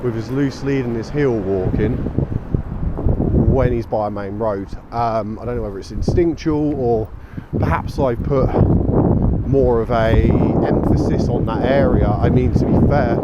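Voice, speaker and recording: A man's voice: mid-range voice, normal speed, lo-fi sound. Chatty man walking his dog. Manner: chatty, rambling, calls out commands to his dog. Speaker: dog walker vlogger. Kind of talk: casual walking commentary. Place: outdoors on streets and fields at dusk. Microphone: action camera mic. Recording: outdoor action camera with clear traffic noise. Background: traffic and street noise.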